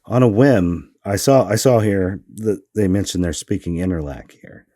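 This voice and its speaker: A man's voice: low voice, moderate pace, mellow, dry recording. A man co-hosting a casual comics podcast, trading dry sarcastic jokes and musing over old stories. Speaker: podcast co-host. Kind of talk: casual chat about comics.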